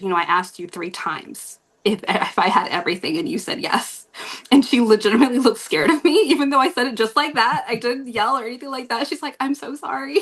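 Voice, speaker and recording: A woman's voice: medium pitch, fairly bright tone. A woman telling a story on a podcast as guest host, rambling with many fillers and frequent laughs.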